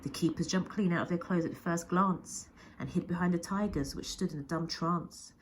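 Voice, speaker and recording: A woman's voice: lowish voice, moderate pace, a little hiss or hum. A woman teacher reading a picture book aloud with expression, often dropping to a whisper. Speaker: primary school teacher.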